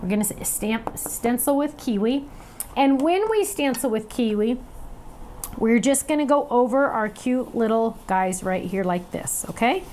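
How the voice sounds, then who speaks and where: A woman leads a live online craft demonstration, talking viewers through each step in a chatty, upbeat way. Her voice sits fairly high, and she laughs at herself as she goes. A faint hiss runs under the recording. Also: lively intonation, measured pace, dark tone. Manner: chatty and upbeat, talks to viewers while working; laughs at herself, playful sound effects. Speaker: craft class instructor.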